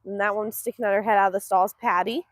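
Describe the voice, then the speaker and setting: A woman's voice: medium pitch, steady tone, racing, no room sound. A woman from Northeast Texas, hosting a casual livestream from an outdoor cow pen. She chats affectionately, answers viewer comments and coos to the animals in a sing-song baby voice. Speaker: livestream host.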